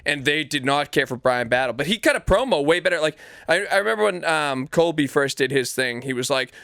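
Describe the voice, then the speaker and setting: A man co-hosting a fight podcast in rambling, profane, excitable casual chat. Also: fairly high pitch, brisk, creaky, no room sound, clean studio sound. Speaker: podcast co-host.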